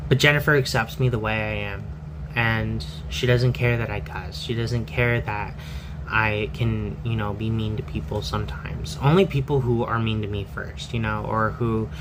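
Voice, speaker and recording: A man's voice: on the low side, noisy background. A man telling a personal story in a candid, rambling way, full of fillers and restarts.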